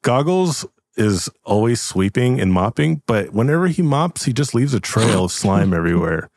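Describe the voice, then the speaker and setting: A man narrating a tabletop role-playing game as game master, in an animated, loose way. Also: mid-range voice, moderate pace, no echo.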